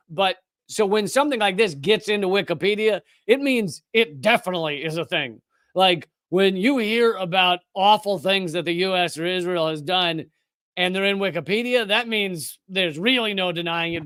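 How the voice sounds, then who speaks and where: High, smooth-voiced sarcastic male commentator. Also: fairly bright tone, no echo. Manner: sarcastic and mocking. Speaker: live-stream commentary host. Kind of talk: live-stream political commentary.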